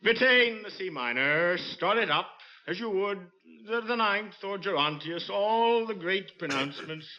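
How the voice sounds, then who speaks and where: A man puts on a pompous, self-satisfied elderly English music pedagogue with a posh accent, holding forth about his student days. The voice sits a little high. It comes through as dull, muffled archive television audio. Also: animated, measured pace, hardly any pauses. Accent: put-on posh English. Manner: self-satisfied, grandly reminiscing.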